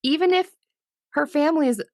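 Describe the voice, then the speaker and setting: A woman's voice: high voice, brisk, no echo, clean studio sound. A woman co-hosting a podcast, recalling scenes with some hesitation in casual chat. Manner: hesitant, searching for words. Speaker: podcast co-host. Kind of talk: casual movie discussion.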